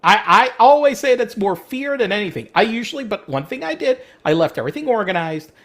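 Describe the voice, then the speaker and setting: In an easygoing podcast conversation, a middle-aged co-host swears freely, stammers and restarts often, and performs quoted speech with lots of animation. His voice sits high, and his delivery runs a little fast.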